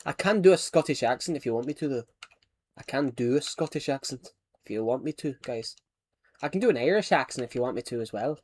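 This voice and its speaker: A man's voice: medium pitch, lively intonation, fairly quick, darkish tone, husky. A man with an English accent chatting casually on a gaming live stream, often repeating and restarting his phrases while he answers chat.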